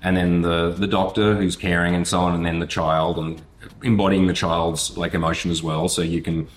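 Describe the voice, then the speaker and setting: A man teaching storytelling through a personal anecdote, animated and profane, acting out the people in it. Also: sits low, normal speed. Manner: animated, swearing, acts out voices and moments. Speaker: storytelling coach.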